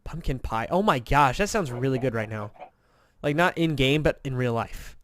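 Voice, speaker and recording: He speaks at a normal speed in a mid-range, fairly bright voice with lively intonation, against slight background noise. A gaming commentator from Indiana, he rambles through a casual let's-play, self-deprecating, yawning and short on sleep.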